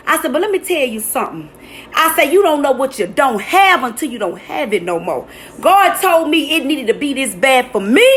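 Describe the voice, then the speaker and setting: A woman's voice: high-pitched, a bit bright. A middle-aged woman giving an emphatic, preachy spoken testimony straight to her viewers. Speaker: vlogger sharing a testimony. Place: at her workplace with a customer nearby.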